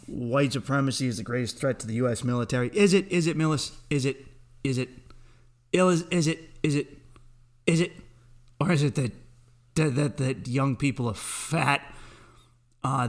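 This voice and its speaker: A man in his thirties hosting a podcast, ranting alone in a comedic way, swearing freely and laughing at his own jokes. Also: mid-range voice. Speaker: podcast host. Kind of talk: solo comedic rant.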